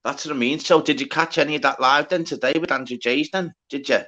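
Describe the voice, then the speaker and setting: A man hosting a casual livestream chat, swearing a lot and talking in quick bursts full of filler words. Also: on the high side, bright, forceful tone, highs cut off. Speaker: livestream host.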